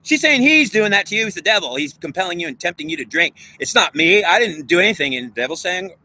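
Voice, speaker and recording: A man's voice: high-pitched, very animated, fast, bright, forceful tone. A man delivering an intense, profane spiritual monologue straight at the viewer, lecturing and repeating himself. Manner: preachy, profane, repetitive, lecturing. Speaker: self-styled spiritual speaker.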